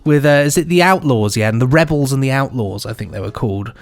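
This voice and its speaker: A man's voice: medium pitch, lively intonation, fast, no echo. An English man co-hosting a podcast, chatting enthusiastically and laughing often. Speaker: podcast co-host. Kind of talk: casual chat.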